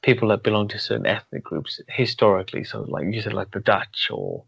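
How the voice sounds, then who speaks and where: A man's voice: fairly low pitch, brisk, creaky, fairly bright tone, husky, no echo. A man hosting a podcast interview, asking long thoughtful questions. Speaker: podcast host. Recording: dull lo-fi, dry sound.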